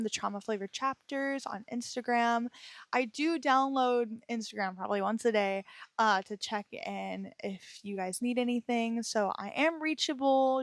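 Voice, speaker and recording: Gentle, reassuring woman podcast host. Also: fairly high pitch, dry recording, studio quality. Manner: gentle and reassuring, stumbles and laughs at herself. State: emotionally heavy, tired. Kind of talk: casual solo podcast talk.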